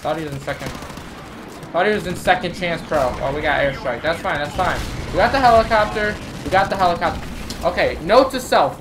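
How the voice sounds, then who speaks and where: A frustrated man rants and swears through his gameplay commentary. Clear gunfire and explosions from the game sit behind his voice. He talks like someone who is easily riled up. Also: on the high side, animated, a little fast, background noise. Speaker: gamer and channel host. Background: shooter game gunfire and explosions.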